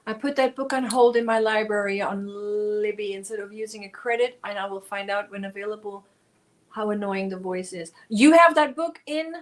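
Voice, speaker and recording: A woman's voice: medium pitch, moderate pace. A woman hosting a crochet livestream, chatting casually and answering viewers by name while she works. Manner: chatty, animated, reads out viewer names and answers them.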